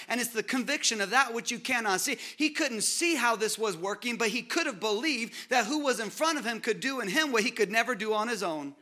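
A man preaching a sermon as pastor, with dramatic pauses and repeated rhetorical buildups, dropping to a hush on scripture quotes. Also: very high-pitched, expressive.

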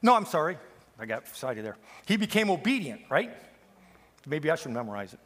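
A man preaching a fiery sermon, firing rhetorical questions and quoting scripture, swinging from loud to hushed. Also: fairly high pitch, sing-song, a little fast. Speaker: guest preacher.

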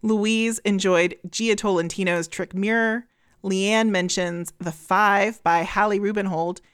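A woman co-hosting a podcast, relaxed and casual, reading out listeners' book recommendations. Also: medium pitch, measured pace, clear, resonant tone, no echo, studio quality. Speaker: podcast co-host.

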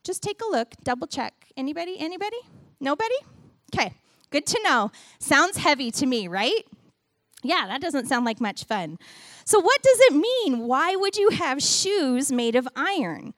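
Woman preaching a kids' lesson, high voice bouncing all over, dry close sound. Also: moderate pace, no room sound. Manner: animated, playful, talks to kids and congregation. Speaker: church speaker giving a children's message. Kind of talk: sermon with a children's object lesson.

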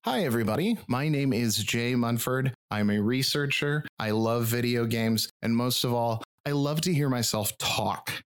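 A man with a rural Michigan accent, clipping the ends of his words, hosts a podcast in a loose, chatty way. He is wry and self-mocking and swears casually. His voice sits at an ordinary middle pitch. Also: moderate pace, hardly any pauses, smooth. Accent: rural Michigan, drops final G's and D's. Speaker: podcast host and researcher. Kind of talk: casual podcast chat with jokey asides.

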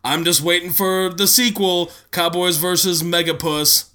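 A man hosting a casual, joking movie review podcast, laughing often and tossing off quick asides. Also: high voice, fairly even intonation, background noise. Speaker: podcast host.

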